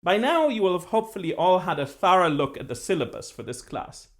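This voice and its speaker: Animated male philosophy lecturer. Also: high voice, brisk. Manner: lively, precise, with dry self-deprecating humor; acts out voices when telling a joke. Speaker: philosophy professor. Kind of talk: university lecture.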